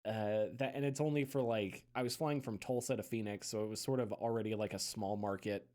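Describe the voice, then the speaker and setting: A man's voice: lowish voice, steady tone, a little fast, a little mellow. A man co-hosting a casual chat podcast, telling rambling stories with frequent chuckles and restarts. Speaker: podcast co-host.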